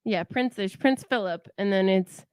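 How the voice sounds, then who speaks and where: A woman's voice: medium pitch, normal speed, darkish tone, smooth, no echo, clean studio sound. An American woman co-hosting a podcast, chatting casually and laughing often. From United States. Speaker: podcast co-host. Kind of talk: casual chat.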